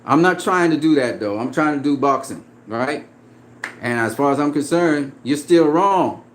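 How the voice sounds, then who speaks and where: A man's voice: on the high side, expressive, moderate pace, a little hiss or hum. A man in a profane, confrontational casual rant about boxing, laughing often as he talks back at a critic. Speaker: boxing commentator.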